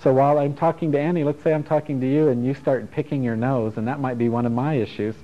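A middle-aged man teaches a casual self-help workshop to a group, speaking fast in a mid-range voice with fairly even intonation. He's frank and playful, swearing and chuckling as he goes, on a dull lo-fi recording with faint music.

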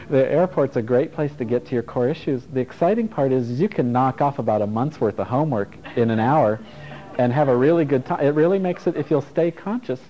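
A middle-aged man teaching a casual self-help workshop to a group, frank and playful, swearing and chuckling as he goes. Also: medium pitch. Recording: dull lo-fi recording with faint music.

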